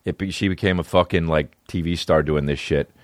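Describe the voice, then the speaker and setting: A man's voice: sits low, fairly even intonation, fairly quick, no room sound, studio quality. A man hosting a podcast, talking in a profane, sarcastic, rambling comedic monologue. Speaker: podcast host.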